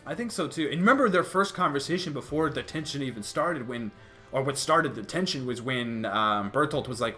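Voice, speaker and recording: A young man hosting a casual chat, animated, tripping over restarts and laughing between points. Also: medium pitch, brisk, soft background music. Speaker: youtube host.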